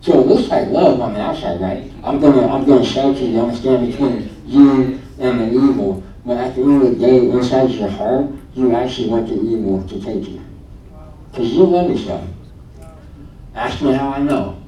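A man's voice: normal speed, mellow, dull audio. A man in his late twenties casually telling a personal faith testimony, retelling conversations in a chatty way with lots of "I'm like". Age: late 20s. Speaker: speaker sharing a testimony. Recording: echoey room, distant mic, faint low rumble.

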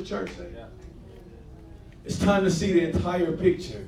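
High-voiced man preaching in an echoey church. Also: fairly even intonation, slow pace, creaky, long pauses, far from the mic, heavy background noise. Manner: casual slang, call-and-response with congregation. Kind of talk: sermon. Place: church sanctuary.

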